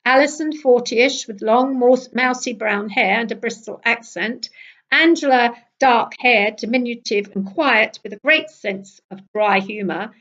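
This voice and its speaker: A woman's voice: a little high, measured pace, lo-fi sound. Older British woman reading her travel tale. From Britain. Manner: lively, wry storytelling. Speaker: storyteller. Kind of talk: reading a travel memoir aloud.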